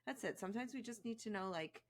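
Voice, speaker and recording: A woman's voice: medium pitch, quick pace, a little hiss or hum. A woman guest on a podcast, speaking in a candid, reflective, chatty way. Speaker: podcast guest, co-host of another show. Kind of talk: podcast conversation.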